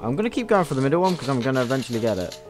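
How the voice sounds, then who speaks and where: A man's voice: mid-range voice, sing-song, very fast, music in the background. A young man giving crude, swear-filled gameplay commentary as a YouTube gamer, mocking the game as he plays. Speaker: gaming YouTuber.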